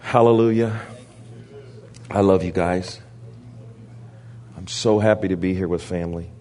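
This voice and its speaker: A man preaching to a church, telling animated stories and laughing often between lines. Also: deep voice, a little slow. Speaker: guest preacher. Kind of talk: storytelling sermon.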